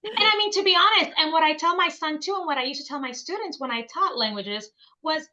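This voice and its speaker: A woman's voice: high voice, fast, sharp tone, lo-fi sound. A woman language educator speaking as a guest in a podcast interview, emphatic and repeating her points for stress.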